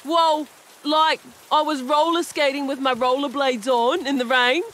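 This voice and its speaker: A woman's voice: sits high, fairly even intonation, a little slow, a bit bright. A woman voicing a brash young Australian woman in a ski mask, who rambles and calls people mate. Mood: chummy.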